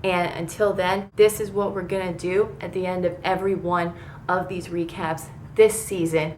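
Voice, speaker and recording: A woman in her thirties recapping a reality TV episode from her bedroom, excitable, rambling and freely swearing. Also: lowish voice, moderate pace, over loud music. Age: 30s. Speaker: TV recap vlogger.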